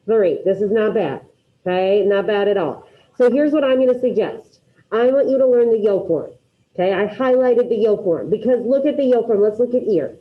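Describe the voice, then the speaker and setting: A woman teaching a class, drilling her students through repetition and quizzing them with quick questions in an upbeat way. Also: medium pitch, lively intonation, phone-quality sound. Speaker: Spanish teacher. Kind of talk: classroom grammar lesson.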